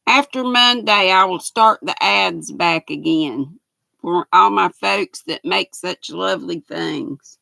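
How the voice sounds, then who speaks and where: A woman's voice: mid-range voice, gravelly, bright, forceful tone, no echo, low-quality recording. An older woman with a Southern American accent, hosting a casual livestream and chatting folksily with her viewers, greeting each one by name. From Southern United States. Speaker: livestream host.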